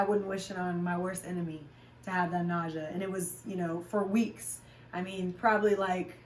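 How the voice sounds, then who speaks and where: A candid woman in a relaxed vlog chat, talking openly with plenty of ums and likes. Her voice sits at an ordinary pitch and comes from a little way off the mic. The room around her adds a noticeable echo. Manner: frank and chatty, with many fillers. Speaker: fitness vlogger and class instructor. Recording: roomy sound, voice from a distance.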